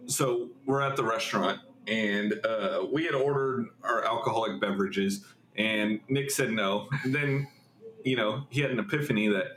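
A man's voice: medium pitch, normal speed, fairly bright tone. A young man hosting a casual podcast, swearing often and laughing as he tells stories. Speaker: podcast host. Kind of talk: casual chat. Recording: echoey room with faint noise.

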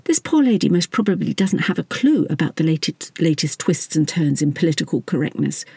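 Nervous apologetic prince, hesitant and slightly husky, played by the narrator. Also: mid-range voice, big pitch swings, fairly quick, darkish tone, dry recording. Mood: awkward. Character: anxious apologetic young prince husband.

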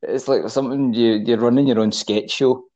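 A man's voice: mid-range voice, steady tone, fairly quick, dark tone. A man interviewing a friend in casual conversation, laughing and teasing him.

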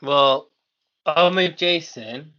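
A man's voice: a little high, extremely slow, sharp tone. Matter-of-fact man giving his picks. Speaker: podcast co-host. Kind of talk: casual chat. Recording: dull lo-fi recording.

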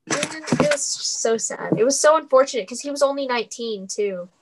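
A teenage girl chatting with a friend in an eager, drawn-out way, agreeing often. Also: sits high, animated, rough recording. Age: teens. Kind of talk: casual chat about a musical.

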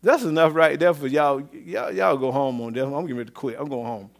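A man preaching a sermon as pastor, swinging between loud exclamations and low murmurs, with repeated call-outs to the congregation. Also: a little fast, vocal fry. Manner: repetitive call-and-response phrasing.

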